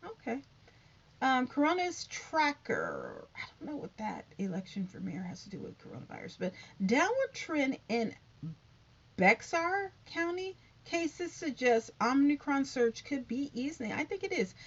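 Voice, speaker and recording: On her YouTube channel about covid news, a talkative woman with a lively pitch runs through the headlines for viewers in a relaxed way, adding little side comments. The audio is flat and lo-fi.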